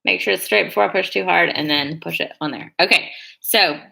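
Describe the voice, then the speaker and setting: A woman's voice: on the low side, fairly quick, vocal fry, bright, forceful tone. A young woman chatting casually on a live stream, rambling and hedging as she works on her nails. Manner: rambling, chatty, hedges a lot. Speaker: beauty vlogger on a live stream. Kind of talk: casual chat while doing her nails.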